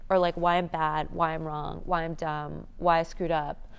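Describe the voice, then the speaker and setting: A woman's voice: low voice, level tone, moderate pace, vocal fry, clear, resonant tone. A young adult woman sharing a personal recovery story in an earnest, reflective way, with many "like" fillers. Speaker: recovery program member sharing.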